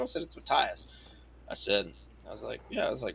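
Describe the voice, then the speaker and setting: Gravelly, bright-voiced man telling a story. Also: fairly low pitch, fast talker, slight background noise. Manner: profane, animated retelling with quoted dialogue. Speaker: roleplay streamer in character. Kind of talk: in-character storytelling in a western roleplay.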